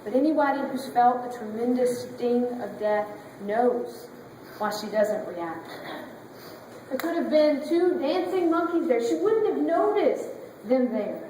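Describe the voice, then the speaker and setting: A woman pastor preaching with dramatic, emotive storytelling. Her voice is high and her delivery unhurried. She is picked up from far away in a very echoey church sanctuary with a faint ambience. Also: lively intonation, dark tone, a little hiss or hum. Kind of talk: sermon.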